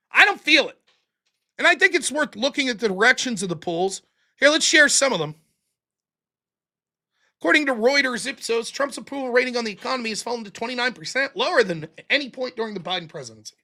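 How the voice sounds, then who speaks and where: An American man rants on his political livestream, exasperated and swearing freely. His voice sits high and bright. It leaps around constantly as he argues. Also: brisk, pauses often. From United States. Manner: exasperated, profane, animated. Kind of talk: ranting commentary.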